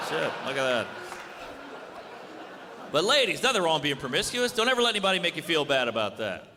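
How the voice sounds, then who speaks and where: A man on a comedy club stage with a fairly high voice that swings widely in pitch, delivering blunt, deadpan jokes and snapping into quick voices for the people in his stories. A laughing audience and a long reverb fill the live room behind him. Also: crowd noise, background noise. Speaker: stand-up comedian. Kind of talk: stand-up routine.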